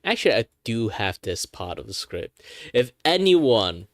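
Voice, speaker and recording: A man's voice: mid-range voice, big pitch swings, unhurried, no echo. Rambling man streaming, dry throat. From Malaysia. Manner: rambling, with many fillers and restarts. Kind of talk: casual chat.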